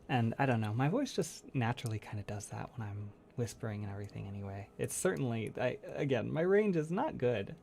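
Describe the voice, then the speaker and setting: A soft-spoken man hosts a relaxed livestream chat, rambling and laughing as he goes. His voice carries a gravelly edge and swings lively up and down, with faint noise in the background. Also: mid-range voice, fairly quick, hardly any pauses. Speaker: ASMR creator hosting a livestream.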